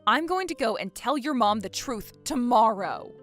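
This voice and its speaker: A woman's voice: fairly high pitch, lively intonation, normal speed, soft background music. A woman playing a fed-up, exasperated wife in a dramatized story, talking indignantly. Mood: frustrated.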